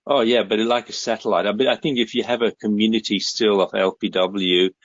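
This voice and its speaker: A man's voice: lowish voice, steady tone, a little fast, no echo. A man from Australia calling in, chatting casually in a friendly, hesitant way. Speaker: caller. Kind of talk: casual call chat. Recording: dull, dry call audio.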